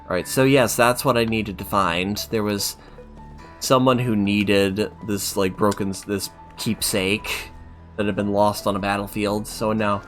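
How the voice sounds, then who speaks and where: A man's voice: on the low side, steady tone, a little slow, fairly bright tone, soft background music. A man streaming a game, chatting casually and reading its story text aloud.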